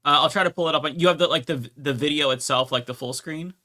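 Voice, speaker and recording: Bright-voiced, blunt male podcast co-host. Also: a little high, quick pace, no room sound, clean studio sound. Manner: casual, blunt, swears freely. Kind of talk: casual podcast commentary.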